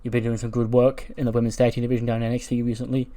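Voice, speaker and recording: A man voicing a quick-tempered male wrestling-school teacher who lectures his class and flares into shouting. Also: mid-range voice, completely flat delivery, natural voice. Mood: lecturing. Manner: lecturing, then shouting and challenging.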